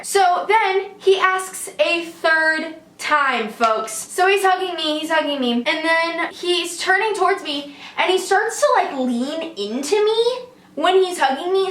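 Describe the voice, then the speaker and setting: A young woman tells a story in a casual, animated way, full of fillers. Her voice sits high. The room adds a noticeable echo around her. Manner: animated, chatty, lots of fillers.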